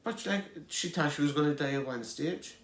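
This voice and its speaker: Gravelly Irish man telling family stories. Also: a little high, normal speed, a bit bright, roomy sound. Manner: rambling, chuckling anecdotes with restarts. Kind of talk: storytelling.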